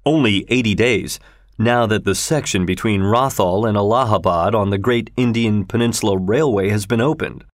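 A man voicing a cautious Victorian gentleman who exclaims in disbelief. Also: on the low side, normal speed, dry recording, clean studio sound, lightly acted. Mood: informative. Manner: incredulous, exclaiming.

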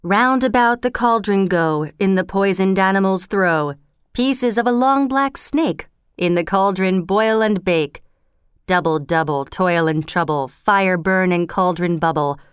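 A woman's voice: medium pitch, measured pace, clean tone, no room sound, studio quality, close to an everyday voice. A woman voicing a sinister old witch, chanting spells with a sing-song rhythm.

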